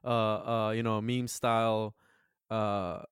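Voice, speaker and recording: A man with a smooth, resonant, mid-pitched voice hosts a relaxed podcast chat, backing his guest up with quick remarks. The sound is close and completely dry. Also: no echo. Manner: encouraging, laughs along, repeats himself. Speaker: podcast host. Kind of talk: casual interview chat.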